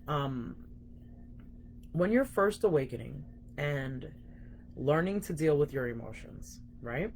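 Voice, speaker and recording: A woman's voice: low voice, expressive, slow pace, long pauses, a little mellow, a little hiss or hum. A young woman coaching viewers in a frank, emphatic live-stream talk, swearing casually and calling them guys. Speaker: spiritual coach.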